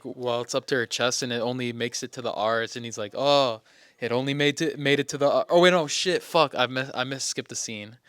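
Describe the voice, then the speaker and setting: A young man co-hosts a laid-back podcast, retelling stories in a loose, rambling way full of fillers and self-corrections. His voice is smooth and resonant, mid-pitched, recorded close and dry. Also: pushed and bright, no room sound. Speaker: podcast co-host. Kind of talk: casual chat.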